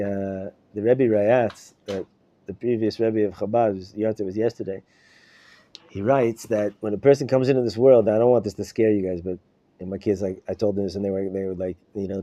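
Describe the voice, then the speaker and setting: Middle-aged rabbi chatting through a class, mellow voice, kinda muffled recording. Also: male voice, medium pitch. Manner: conversational, repeats words and asks "right?" often. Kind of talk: informal Torah class to students. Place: classroom in a study hall. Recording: dull live class recording.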